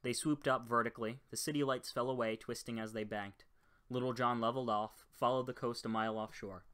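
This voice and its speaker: A man reading a short-story audiobook in an even, low-key narration. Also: a little fast, smooth. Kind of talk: scripted narration.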